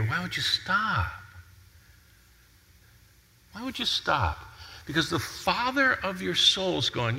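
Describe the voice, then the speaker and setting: Guy preaching a sermon, low-ish but bright voice, big hall echo. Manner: animated preaching, reads scripture aloud. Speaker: pastor.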